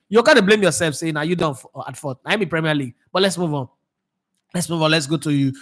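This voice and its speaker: A Nigerian man with a Nigerian accent, hosting a casual football commentary show, who talks in an animated way, drifts between Pidgin and English and laughs often. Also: on the high side, brisk. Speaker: sports show host.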